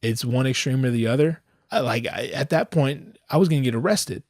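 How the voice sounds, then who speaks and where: A man hosts a podcast and tells a comic story, full of swearing and street slang. His voice sits at an ordinary middle pitch. It shoots up in loud bursts, then drops into low, quiet asides. The sound is close and dry, with no room echo. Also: brisk. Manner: profane, slangy and animated, swinging between loud outbursts and low asides. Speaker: podcast host.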